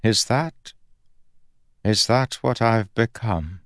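A frail, fading god with an anxious, clinging manner, his words stumbling and breaking off as he begs not to be left alone, put on by a deep-voiced male narrator. The voice sits well above the narrator's own low register, and it sounds dry and close, with no room around it. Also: no room sound. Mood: pleading. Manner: halting, pleading, stammering.

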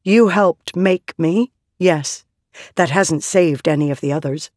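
Fierce, tense young woman from an audiobook, as a narrator puts her on, slow-paced, dry. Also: medium pitch, darkish tone, no echo, natural voice. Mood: defiant.

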